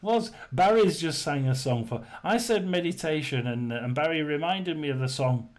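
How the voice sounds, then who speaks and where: A man hosting a casual live chat, rambling and hesitant, often clearing his throat and telling jokes to his viewers. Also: on the high side, lively intonation, normal speed. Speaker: host of a live tarot chat stream.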